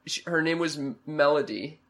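A young man with a bright, pushed-forward voice tells an embarrassing story on a podcast. He stammers and restarts constantly, tripping over his own words as he goes. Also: on the high side, moderate pace. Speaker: podcast co-host. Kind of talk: casual storytelling chat.

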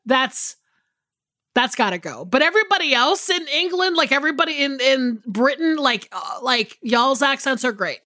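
A woman's voice: sits high, lively intonation, normal speed, sharp tone, no echo, clean studio sound. A woman co-hosting a podcast, talking casually and rambling with lots of fillers and restarts. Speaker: podcast co-host. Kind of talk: casual chat.

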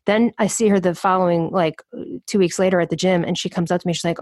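A woman speaks on the low side for her sex, animated and emphatic as she talks through her points in an interview. She slips into other people's voices as she tells stories. The sound is close and dry. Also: fast talker, no room sound. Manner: emphatic, acts out quoted voices. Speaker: guest.

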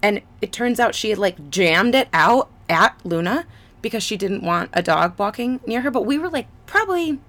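A woman's voice: mid-range voice, lively intonation, normal speed, fairly bright tone. A woman telling a story in a loose, rambling way, full of fillers. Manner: rambling, filler-heavy, laughs along. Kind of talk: casual storytelling chat.

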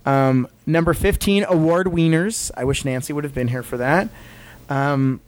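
A man's voice: fairly high pitch, moderate pace. A man hosting a casual podcast, rambling and self-deprecating as he reads out a ranked list and justifies his picks. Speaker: podcast host.

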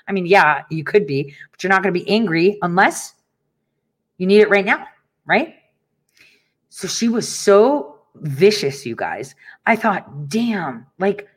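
Animated middle-aged woman ranting to viewers. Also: mid-range voice. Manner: animated storytelling, laughs often, swears. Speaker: online show host. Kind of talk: casual ranting monologue.

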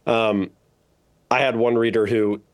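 A man who is an author, a guest on a podcast interview, answering questions in a measured, explanatory way with frequent ums. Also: medium pitch, little pitch movement, smooth.

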